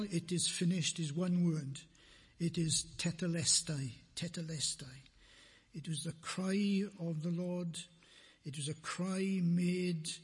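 A man preaching a sermon in a church, slow and deliberate, repeating phrases for emphasis, with a husky voice. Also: on the high side, a little mellow, long reverb tail.

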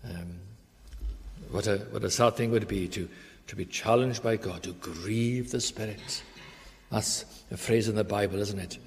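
A man preaching a sermon in an earnest, emphatic way, slowing down to stress key phrases. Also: lowish voice, big-room sound.

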